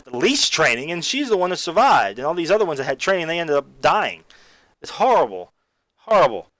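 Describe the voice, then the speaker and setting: A man giving a casual, excitable spoken film review, rambling with many fillers and restarts. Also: fairly high pitch, dry recording.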